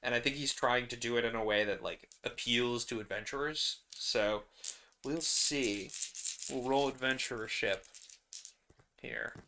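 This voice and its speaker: A man's voice: mid-range voice, a little slow, bright, forceful tone. A man narrating his solo tabletop game in a rambling, casual way, laughing often.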